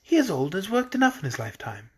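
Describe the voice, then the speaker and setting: A man's voice: sits high, wildly swooping pitch, fast talker, breathy edge, pitched above the performer's own voice, heavily acted. A man reading a storybook aloud, voicing a kindly fairy girl ruler who speaks in a gracious, formal way.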